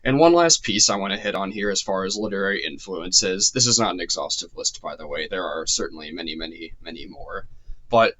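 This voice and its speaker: Man, casual lecture, lowish pitch, bright tone, rambling with ums, slightly worn voice. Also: animated, brisk, rough recording. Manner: loose and chatty, heavy with ums and restarts. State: slightly losing his voice. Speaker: course lecturer.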